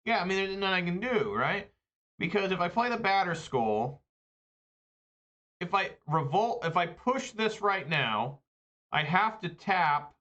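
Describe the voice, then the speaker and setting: A man's voice: high-pitched, big pitch swings, a little slow, sharp tone, lo-fi sound. A man playing an online card game, commenting on his play in a profane, exasperated rant. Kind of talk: live gameplay commentary.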